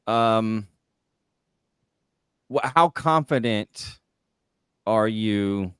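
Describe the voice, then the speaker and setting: A man hosting a casual interview, relaxed and hedging, with frequent fillers. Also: lowish voice, drawn-out words, clean tone, dry recording, studio quality. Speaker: host.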